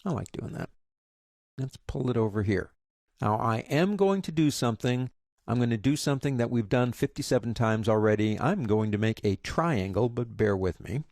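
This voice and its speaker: A man teaching a software lesson, chatty and guiding step by step with joking asides. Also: mid-range voice, animated, moderate pace, no echo, studio quality. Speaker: software instructor. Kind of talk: screen-recorded tutorial.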